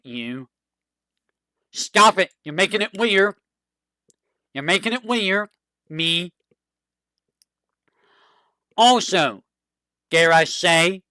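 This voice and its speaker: An excitable streamer chatting casually with viewers, with a bright, forward voice that swoops up and down and an unhurried pace. The recording is dry and close, with almost no room sound. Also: mid-range voice, dry recording. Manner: rambling and excitable, fond tone. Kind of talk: casual chat to a live audience.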